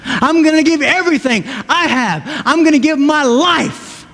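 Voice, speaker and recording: An earnest, devoted man, played by a preacher, makes impassioned, insistent promises of love. The voice is high and lifts even higher, and the words echo through a long church reverb. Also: moderate pace, gravelly, full character voice. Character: a loving husband and savior, adult man, earnest.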